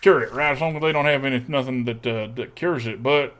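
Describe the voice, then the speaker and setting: This young man from Texas talks fast in a mid-range, fairly bright voice while streaming a card game. He's thinking out loud the whole time, muttering and humming as he weighs his plays.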